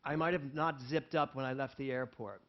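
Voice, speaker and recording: A male pastor giving a sermon, telling a personal story in an animated way and acting out the people in it, with laughs between lines. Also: medium pitch, a little fast. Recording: dull lo-fi recording.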